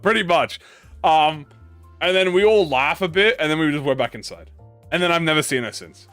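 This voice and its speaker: Excitable, profane young man telling stories. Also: fairly high pitch, normal speed, dry recording, soft background music. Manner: profane, excitable, lots of restarts. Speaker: gaming YouTuber. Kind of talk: casual rambling anecdote.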